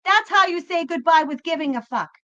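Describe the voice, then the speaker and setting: Here a tarot reader hosting a spiritual channel talks a little fast in a very high-pitched, expressive, fairly bright voice. Her pep talk is blunt and profane, with plenty of emphatic swearing, and the lo-fi recording has a slightly dull quality.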